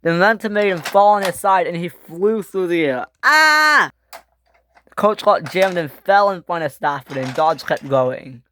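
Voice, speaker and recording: Probably a boy, this young male voice sits high and moves at normal speed against slight background noise. He improvises a toy train tale excitedly, restarting frequently and screaming loudly for the characters.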